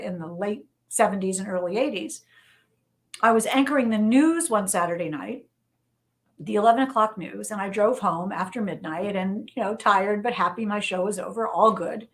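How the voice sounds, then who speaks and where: A middle-aged woman, a journalist and novelist, telling lively anecdotes as an interview guest and repeating phrases for emphasis. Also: medium pitch. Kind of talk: conversational storytelling interview.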